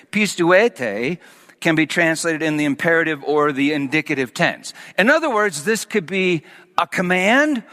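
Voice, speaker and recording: A male preacher with a fairly high, bright, forceful voice delivers a sermon. He swings between loud emphatic peaks and hushed near-whispers. The sound rings with a long hall reverb.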